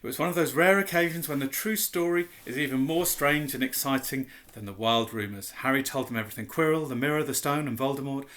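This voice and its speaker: A man narrating a children's fantasy novel in a measured, expressive reading. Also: medium pitch. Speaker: audiobook reader. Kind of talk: storybook narration.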